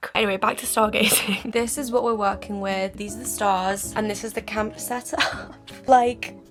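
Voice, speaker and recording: A woman's voice: medium pitch, steady tone, moderate pace, a bit bright. A young woman chatting casually to camera as a vlogger, self-mocking, clipping her swear words short. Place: her bedroom, indoors. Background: music playing elsewhere in the house.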